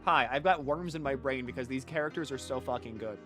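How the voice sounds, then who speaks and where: A young man streaming a game, chatting casually in a rambling, excitable way, swearing often and acting out silly character voices. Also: medium pitch, fairly quick, soft background music. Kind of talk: casual chat while gaming.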